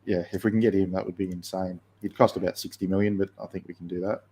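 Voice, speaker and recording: A man, a football podcast co-host and youth coach, talking in a relaxed, conversational way. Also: sits low, quick pace, slightly rough. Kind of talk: casual football podcast chat.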